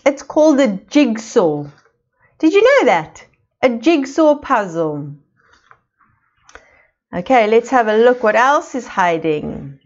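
A woman's voice: on the high side, sing-song, slow, pauses often. A woman from South Africa, a preschool teacher leading a children's lesson from a picture book, coaxing and exaggerated for small children. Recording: dull lo-fi video sound.

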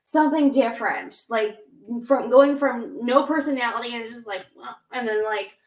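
A woman's voice: fairly high pitch, distant mic. A woman co-hosting a casual wrestling podcast, rambling and restarting her thoughts as she talks. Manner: rambling, self-interrupting, quick to laugh. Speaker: podcast co-host. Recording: echoey room.

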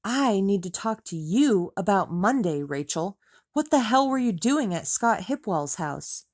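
A woman's voice: mid-range voice, sing-song, measured pace, darkish tone, dry recording, studio quality, pitched above the performer's own voice. Woman reading a furious ex-husband. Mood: angry. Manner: furious, exasperated, snapping. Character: angry exasperated man, the narrator's ex-husband. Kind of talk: audiobook reading.

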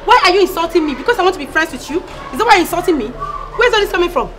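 A woman's voice: sits high, lively intonation, a little slow. An actress with a Nigerian accent playing a sassy, manipulative young female student who mocks and pleads by turns. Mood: mocking. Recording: film soundtrack with music and crowd noise.

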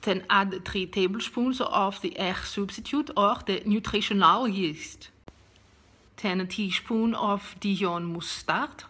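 A woman's voice: medium pitch, slow, slightly rough. A woman voicing a cheerful Dutch woman friend with a put-on Dutch accent, walking through a recipe step by step. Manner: bright, loud, instructive cooking demo.

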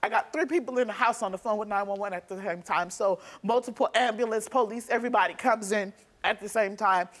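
A young woman, a guest on a talk show, recounting events in a rapid, emotional way. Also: medium pitch. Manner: rapid, emotional storytelling with restarts. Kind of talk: telling her story on a talk show. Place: TV studio stage.

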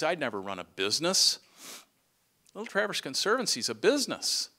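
A middle-aged man giving an earnest farewell speech as a retiring director, sometimes halting and restarting. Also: medium pitch, big pitch swings, sharp tone.

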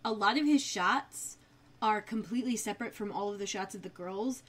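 A woman's voice: mid-range voice, normal speed, a bit bright. A young adult woman co-hosting a podcast, chatting casually about a TV episode and adding dry comments. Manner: conversational, adds dry comments. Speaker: podcast co-host. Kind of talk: casual recap chat.

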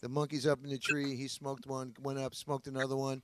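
A man's voice: medium pitch, little pitch movement, a little fast. A man telling a rambling joke at a virtual open mic, loose and laughing as he goes. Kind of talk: casual joke telling on a video call. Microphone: video call mic. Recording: noisy video call audio.

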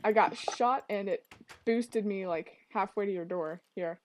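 A woman's voice: medium pitch, unhurried, a little mellow, a little hiss or hum. A young woman hosting a casual gaming session with a friend, laughing often and chatting loosely. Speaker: gaming channel host.

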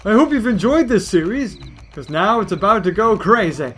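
A man giving excitable let's-play commentary as a gaming video host, exclaiming at the action on screen. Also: sits high, moderate pace, slight background noise.

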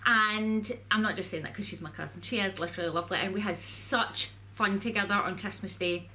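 A woman's voice: medium pitch, fairly even intonation, fairly quick, bright, forceful tone, slight background noise. A woman vlogger chatting casually to camera in a rambling way, full of "like"s.

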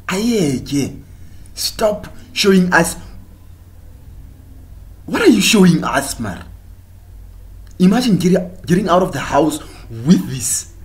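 This South African man, a comedian vlogger, has a medium-pitched, slightly mellow voice. Addressing the camera, he delivers a mocking comic rant that preaches at women and moves back and forth between English and local languages.

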